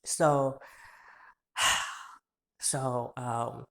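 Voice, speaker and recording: A man's voice: mid-range voice, flat delivery, vocal fry, sharp tone. A man in his twenties telling a story in a heated, profane rant, so worked up that he trips over his words. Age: 20s. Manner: heated, profane, rapid-fire insults.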